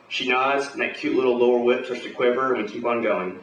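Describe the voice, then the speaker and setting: A storyteller reads a pulp action tale aloud with gruff swagger, swearing freely and sounding like a hardboiled hero. His mid-pitched voice is steady, fairly bright and a little fast with few pauses, recorded roomy and far from the mic over faint background noise.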